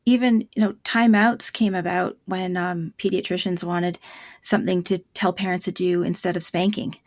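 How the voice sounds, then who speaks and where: A woman's voice: fairly low pitch, fairly even intonation, moderate pace, no room sound. A woman hosting a parenting podcast, talking candidly, laughing often and acting out what parents say. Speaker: podcast host. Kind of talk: conversational interview.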